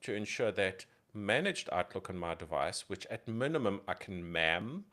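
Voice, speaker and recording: A man's voice: low voice, animated, normal speed, a bit bright. A man co-hosting a tech podcast, explaining security ideas emphatically with lots of rhetorical questions. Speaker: podcast co-host.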